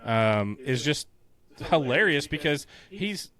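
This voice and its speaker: Animated man chatting on a podcast. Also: on the high side, slow. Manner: animated, quotes movie lines in silly voices. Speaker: podcast co-host. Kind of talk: casual podcast chat.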